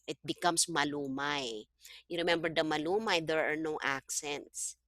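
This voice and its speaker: A woman's voice: low-pitched, fairly even intonation, moderate pace, a bit bright, no echo, clean studio sound. A woman tutoring Tagalog one-on-one over a video call, patiently checking that her student follows. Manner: patient, checks understanding with frequent "okay?". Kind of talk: one-on-one online language lesson.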